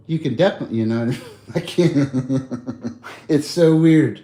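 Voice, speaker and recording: A man's voice: on the high side, a little slow, dark tone. Rambling slangy man livestreaming. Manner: rambling, slangy, laughs often. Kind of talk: casual livestream chat.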